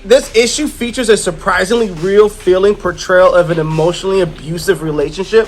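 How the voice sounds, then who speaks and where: Chatty comic reviewer, casual recap, animated. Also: medium pitch. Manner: chatty, excitable.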